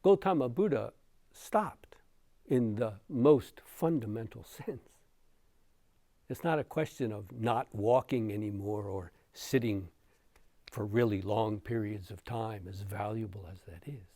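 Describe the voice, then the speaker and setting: Slow, unhurried male meditation teacher. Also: fairly low pitch, no room sound, studio quality. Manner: slow, storytelling, with soft chuckles. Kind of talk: dharma talk.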